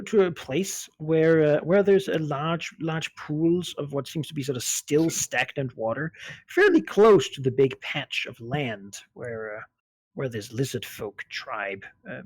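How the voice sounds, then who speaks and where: A man's voice: on the high side, darkish tone, husky, no echo. A man narrating a tabletop game as game master, hesitant and full of fillers.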